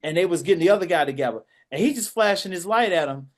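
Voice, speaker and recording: Animated man. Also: high-pitched, quick pace. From Washington, DC. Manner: animated, acts out voices and shouts. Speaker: podcast co-host. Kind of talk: casual storytelling.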